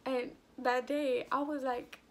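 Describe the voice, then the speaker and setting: A woman's voice: sits high, flat delivery, takes it slowly. A young woman telling a blunt, profane storytime about school fights in a casual vlog. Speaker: vlogger.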